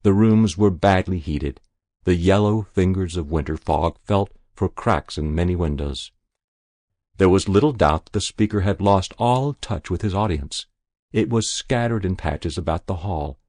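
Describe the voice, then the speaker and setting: A man giving a measured, unhurried scripted narration of a short story as the reader. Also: deep voice, a little mellow, no room sound, studio quality.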